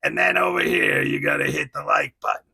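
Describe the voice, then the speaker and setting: A man voicing a gruff, brutish male mutant villain toy, with a New Jersey accent and loud, barking delivery. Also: fairly high pitch, fairly even intonation, brisk, exaggerated voice. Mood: brash.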